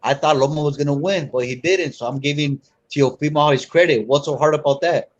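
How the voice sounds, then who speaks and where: A man's voice: a little high, fairly quick, no echo, dull audio. A man on a live sports panel, insistent, repeating himself as he argues his point. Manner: insistent, repeats words when pressed. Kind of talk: heated live sports talk.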